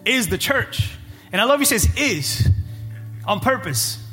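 A male pastor with a high, bright, ringing voice delivers a sermon. He swings from shouted, rising calls to hushed, prayerful lines. Soft music and a faint congregation sit behind him. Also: lively intonation, normal speed, slightly rough. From Cape Verde. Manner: preaching with shouted, rising climaxes and quiet prayer passages. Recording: live church hall with music and congregation.

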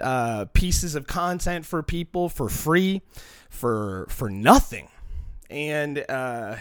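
A comedian talks straight into a phone camera in a loose, profane monologue, a man with a slightly high voice that swoops all over. He mocks people in put-on voices and admits his voice is shaky. The sound is dry and close, with no room around it. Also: no echo. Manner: profane, rambling, animated with mocking quoted voices. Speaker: comedian self-producing a video. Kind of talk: casual vlog monologue. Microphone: phone used as camera.

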